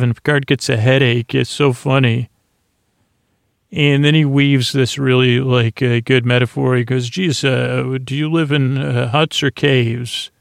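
A man's voice: medium pitch, gravelly, no room sound, clean studio sound. A man hosting a podcast, recapping an episode in a meandering, drowsy way, often losing his thread and loosely paraphrasing the dialogue. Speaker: podcast host. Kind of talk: rambling sleep-story recap.

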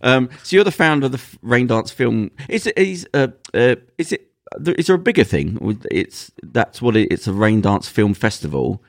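Gravelly British podcast host. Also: male voice, mid-range voice, sing-song, no room sound, clean studio sound. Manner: chatty, jokey, halting questions. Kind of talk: casual interview chat.

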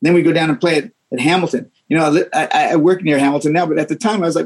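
A man, a guest musician, telling stories in a casual interview, animated and often repeating words as he acts out what people said. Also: on the high side, fast, husky, low-quality recording.

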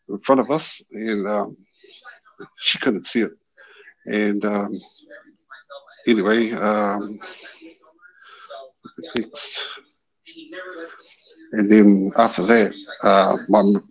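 A man's voice: lowish voice, breathy edge. A man calling in and telling a story, animatedly acting out the voices in it. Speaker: caller. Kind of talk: casual storytelling. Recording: dull lo-fi call-in audio.

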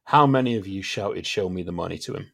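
A man hosts a casual podcast, asking his guest chatty questions. His voice is low and sits near the bottom of the usual male range. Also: quick pace, vocal fry, fairly bright tone. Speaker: podcast host. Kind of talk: casual interview chat.

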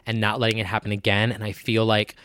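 A man's voice: fairly low pitch, completely flat delivery, quick pace, a bit bright, smooth, no echo, clean studio sound. A man talking candidly to his viewers in a personal vlog, with a nasal voice and an earnest, rambling way of talking that keeps correcting itself. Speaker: vlogger.

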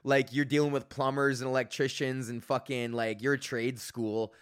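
A young man, hosting a podcast in a casual, profane rant, animated and mocking the people he quotes. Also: medium pitch, normal speed, clean tone. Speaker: podcast host.

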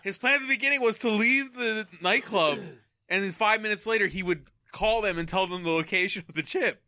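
A man's voice: sits high, fairly quick, background noise. A man in casual chat about a movie, laughing often and swearing in banter.

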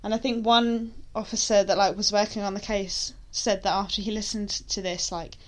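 A young woman co-hosting a true-crime podcast, chatting casually and reading passages aloud in a low, steady voice. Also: moderate pace. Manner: reads passages in a low, steady voice with frequent "like" in chat. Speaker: podcast co-host.

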